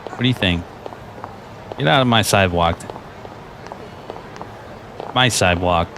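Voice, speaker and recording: A man's voice: low-pitched, measured pace, a bit bright, a little hiss or hum. A man putting on a brash New York tough-guy voice, blustering and mock-aggressive. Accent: New York, put on.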